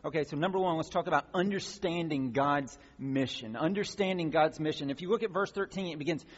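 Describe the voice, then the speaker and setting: Man, pastor preaching, earnest, husky voice, dull lo-fi recording. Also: fairly high pitch, expressive, fairly quick, hardly any pauses. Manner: earnest, with many fillers and restarts, rising emphatic passages. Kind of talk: sermon. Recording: long church reverb, dull lo-fi sound.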